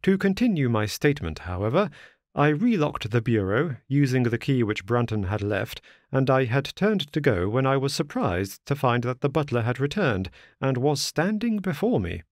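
A man narrating a classic detective story as an audiobook, in a measured storytelling manner. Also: mid-range voice, sing-song, no echo, studio quality. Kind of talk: scripted narration.

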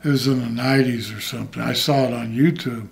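A man's voice: medium pitch, steady tone, quick pace, vocal fry. An older man, a retired wrestler, telling rambling and profane anecdotes in an interview. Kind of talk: shoot interview storytelling.

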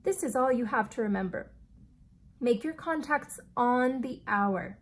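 A woman reading aloud as an eccentric male inventor who speaks in a formal, old-fashioned, deliberate way. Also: fairly high pitch, animated, slightly rough.

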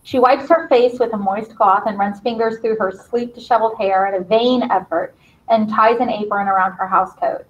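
A woman teacher reads a play's stage directions aloud to her class and talks with them in a brisk, encouraging way. Her voice sits at a middling pitch. The sound is slightly dull and lo-fi. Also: steady tone.

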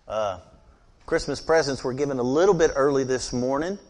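A man's voice: medium pitch, moderate pace, darkish tone. An American man preaching a sermon to his congregation, stuffy and scratchy-throated from a cold, folksy and chatty, asking the room questions. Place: church sanctuary.

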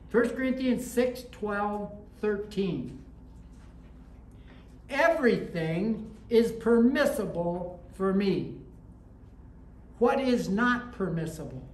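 A woman's voice: medium pitch, a little mellow, slight background noise. A woman pastor preaching a sermon in a conversational way, with anecdotes and rising emphasis. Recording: echoey room with faint ambience.

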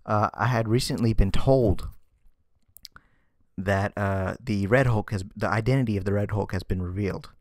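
A man's voice: on the low side, moderate pace, darkish tone, dry recording, studio quality. A man ranting sarcastically in a casual vlog commentary, exasperated and often stammering and repeating words. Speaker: vlogger. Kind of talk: ranting comic book commentary.

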